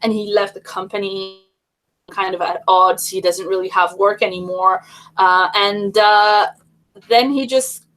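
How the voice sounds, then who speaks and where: A woman's voice: medium pitch, steady tone, measured pace, a bit bright, poor audio. A woman hosting a casual livestream chat, talking in a rambling way with many fillers and restarts. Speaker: livestream host.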